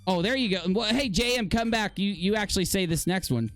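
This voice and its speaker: A man's voice: high voice, a little fast, fairly bright tone, no echo, faint music behind. A man hosting a casual commentary stream, reading screenshots aloud with a laughing, profane, mocking manner. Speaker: host.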